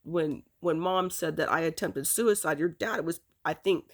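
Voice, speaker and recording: A woman recounting a painful personal memory, halting, with many fillers and restarts. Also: low-pitched. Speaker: storyteller.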